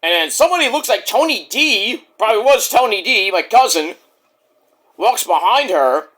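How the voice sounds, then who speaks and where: A man recapping a wrestling show in a casual vlog, excitable, rambling and profane. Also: high voice, normal speed.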